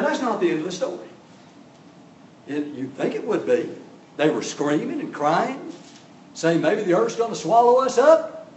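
A man preaching a sermon, telling the story with big swings from loud to soft. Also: fairly high pitch, slight background noise. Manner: dramatic storytelling with sudden loud rises and soft drops. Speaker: pastor. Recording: echoey room, voice from a distance.

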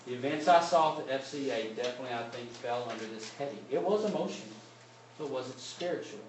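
A man's voice: expressive, fast. Male preacher, emphatic delivery that swells and drops, slight hiss, roomy church sound. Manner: emphatic, rises loud on key points then drops low. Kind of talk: sermon. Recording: echoey room, distant mic, faint hiss.

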